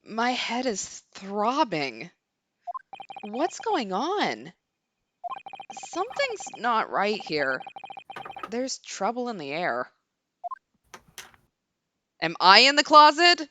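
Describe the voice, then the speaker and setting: A woman's voice: fairly high pitch, wildly swooping pitch, extremely slow, pauses often, background noise, full character voice. A woman voicing a bewildered young man accused of murder, reading game dialogue in a groggy, panicky way.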